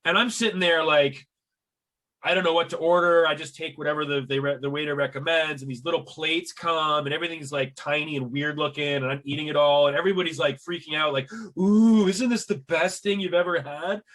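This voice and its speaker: Podcast host, man, bright tense voice, slightly high, animated storyteller with stammered restarts. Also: quick pace. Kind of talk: casual chat.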